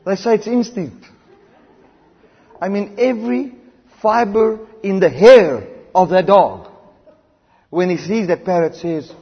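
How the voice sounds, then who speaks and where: A man preaching a sermon, switching between loud emphatic declarations and quiet low asides. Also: breathy edge. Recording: dull sound with long hall reverb.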